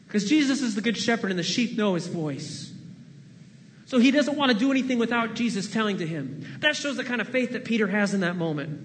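A man preaching a sermon as pastor to his church, dramatic, moving between loud pleading and hushed, near-whispered lines. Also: extremely high pitch, lively intonation, quick pace, long reverb tail. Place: church sanctuary.

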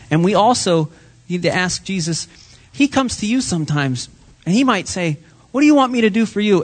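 A man giving a children's sermon in church, asking the kids friendly questions. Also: on the high side. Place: church sanctuary.

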